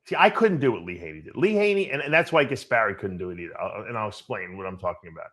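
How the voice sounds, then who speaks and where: A man co-hosting a podcast in animated casual chat, often repeating words as he gets going. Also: lowish voice, quick pace. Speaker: podcast co-host.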